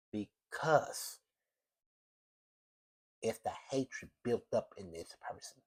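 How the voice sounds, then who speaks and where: A man's voice: lowish voice, slow, long pauses. A man from the United States hosting his own show, giving an emphatic, repetitive monologue full of restarts. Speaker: show host. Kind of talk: opinionated solo monologue.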